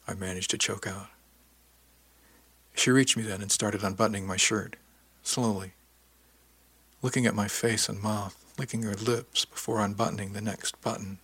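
A man with a husky voice reading a first-person story for a podcast in a measured, intimate way. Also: lowish voice, little pitch movement, a bit bright, no room sound. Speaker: podcast audiobook narrator. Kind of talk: scripted first-person narration.

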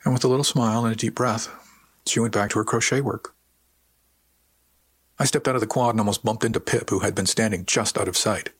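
A man calmly narrating a first-person novel as an audiobook reader, with a husky voice. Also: fairly low pitch, dry recording. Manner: calm, measured storytelling.

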